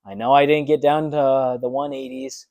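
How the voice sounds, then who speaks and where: A man's voice: medium pitch, little pitch movement, moderate pace, a little mellow, no echo. A young man talking earnestly in a personal fitness vlog, motivational and full of ums. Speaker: fitness vlogger.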